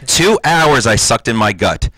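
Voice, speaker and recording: A man's voice: mid-range voice, big pitch swings, measured pace, pushed and bright, breathy edge, dry recording. A comedian in his forties from New Jersey doing a campy, self-deprecating stand-up set as a talk show guest. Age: 40s.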